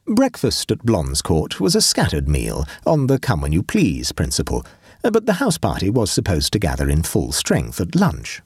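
Male audiobook narrator, low husky voice, very lively, wry and expressive. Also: moderate pace, dry recording, clean studio sound.

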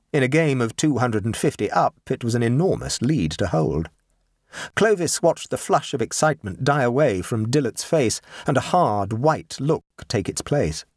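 A man narrating a classic short story in an expressive way. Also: normal speed, slightly rough, no room sound, studio quality. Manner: expressive, shifting pitch for dramatic beats.

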